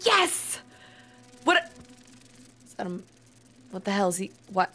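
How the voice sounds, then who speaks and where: Woman, anime reaction host, excitable, exclaims and swears, very lively voice, music behind. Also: mid-range voice, measured pace. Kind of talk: casual live reaction commentary. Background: anime episode audio with music.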